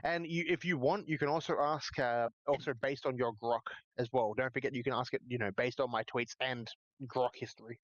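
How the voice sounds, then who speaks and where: Deadpan man with Australian accent. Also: medium pitch, a little fast, dry recording, highs cut off. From Russia. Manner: provocative, deadpan joking. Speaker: streamer. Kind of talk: casual chat.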